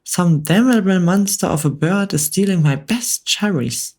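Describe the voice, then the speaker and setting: A woman's voice: lowish voice, expressive, measured pace, a little mellow, pitched above the performer's own voice. A woman voicing a pompous, hot-tempered older male duke in an ASMR whispered role-play, blustering and indignant. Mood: furious.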